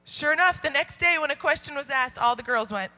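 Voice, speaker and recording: A young woman speaks to an audience in a bright, forceful voice pitched a little high. She tells a story as a Christian speaker and brings the quoted lines to life. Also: brisk. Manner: lively storyteller acting out quoted dialogue.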